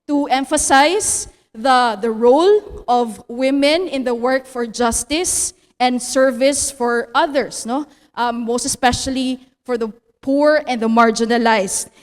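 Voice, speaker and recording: A woman's voice: a little high, measured pace, big-room sound. A woman with a Filipino accent, lecturing as a theology teacher, often ending phrases with a questioning "no?" and slipping in Tagalog words. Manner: tag "no?" after phrases, mixes in Tagalog.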